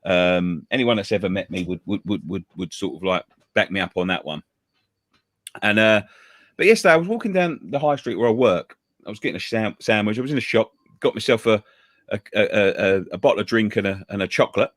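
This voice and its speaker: A man telling a story in casual show chat, animated, stammering and repeating words, swearing freely and acting out others' lines. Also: on the low side, fairly quick, dry recording, clean studio sound. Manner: acts out other people's lines in a raised voice. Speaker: show co-host.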